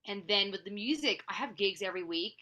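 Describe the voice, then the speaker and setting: A woman's voice: mid-range voice, animated, fairly quick, sharp tone. A young woman from Australia, an actress and singer, chatting casually as a podcast guest and filling her talk with "like" and restarts. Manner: chatty, filler-heavy with frequent "like". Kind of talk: casual interview chat.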